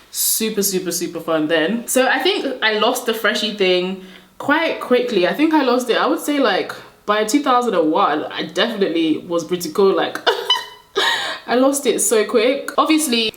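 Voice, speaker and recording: A woman's voice: on the low side, roomy sound. A young woman born in Nigeria, telling rambling stories while she does her makeup, with lots of "like" fillers and laughing asides. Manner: chatty, rambling, laughs often, many "like" fillers. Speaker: beauty vlogger. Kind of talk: casual storytelling while doing makeup.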